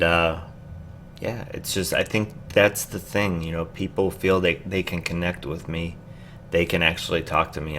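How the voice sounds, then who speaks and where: Deep-voiced Midwestern guy rambling casually. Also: bright, forceful tone, slight background noise. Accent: Midwestern American. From American Midwest. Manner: rambling and easygoing, with many fillers. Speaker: YouTuber. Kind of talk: casual vlog chat.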